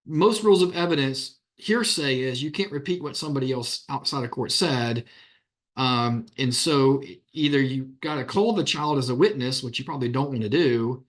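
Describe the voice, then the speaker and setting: A man's voice: medium pitch, normal speed. A man, an attorney, giving a conference talk in a plain-spoken way, acting out the questions he puts to witnesses.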